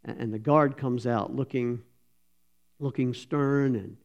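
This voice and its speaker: A man, a pastor telling a sermon story in a folksy, animated way and voicing the characters. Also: medium pitch, takes it slowly. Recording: slightly dull lo-fi sound.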